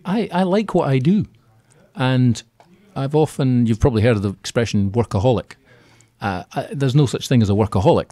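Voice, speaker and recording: A man talking as a guest in a radio interview, chatty and animated, acting out little quotes as he goes. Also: medium pitch, dry recording. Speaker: radio guest, keynote speaker on property finance. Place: radio studio.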